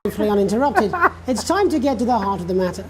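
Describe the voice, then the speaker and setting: An actress playing a polite, earnest news anchor with a polished manner. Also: female voice, mid-range voice, animated, rapid-fire, natural voice. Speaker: news presenter.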